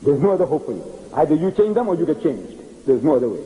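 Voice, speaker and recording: Older man, public preacher, lively swooping delivery, dark mellow tone, fairly high voice. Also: fast talker, poor audio. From South Africa. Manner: animated storytelling, acting out dialogue. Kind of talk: public religious lecture.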